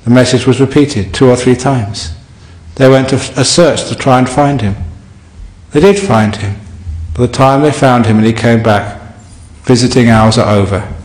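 A male Buddhist teacher, voice sitting at a middle pitch, tells a story with a light, humorous touch while answering a question. His words ring out through an echoey hall. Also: moderate pace, darkish tone. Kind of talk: dharma talk answering a question.

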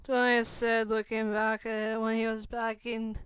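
Woman storyteller, very clear and dry, higher voice, reads haltingly. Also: monotone, dry recording. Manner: halting, with restarts and self-corrections. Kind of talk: reading a fan story aloud.

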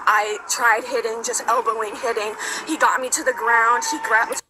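A shaken young woman tells a police officer what happened, halting and breathy in places. Her voice is slightly high, and loud outdoor noise sits under it in the footage. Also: steady tone. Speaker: witness speaking to police. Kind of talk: recounting an assault to an officer.

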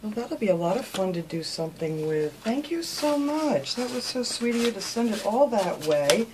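A woman hosting a craft channel, chatting casually and warmly thanking viewers by name as she opens mail at home. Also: mid-range voice, sing-song, normal speed, noisy background. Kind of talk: casual chat, opening mail.

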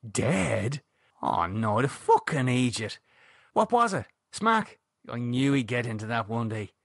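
A man voicing an excitable, foul-mouthed young man with a husky voice who swears constantly and bristles with indignation. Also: medium pitch, measured pace, no room sound, clean studio sound, exaggerated voice. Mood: shocked.

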